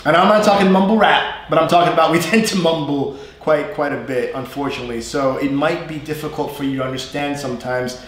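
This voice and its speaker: A man with a North Jersey and New York accent, co-hosting a casual live English lesson, chatty and quick to laugh. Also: a little high, heavy reverb. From US East Coast, North Jersey/New York area. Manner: chatty, laughs often, stretches vowels to demonstrate.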